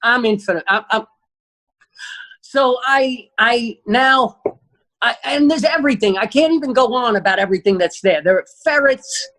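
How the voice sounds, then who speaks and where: A man, a comedian guest, telling a wild story in a punchy, profane, animated way. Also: very high-pitched, normal speed. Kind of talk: comic storytelling.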